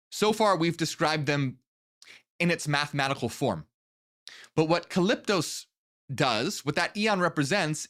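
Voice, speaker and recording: Man channel host lecturing: unhurried, pitch swings widely, earnest, step-by-step explaining. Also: a bit bright.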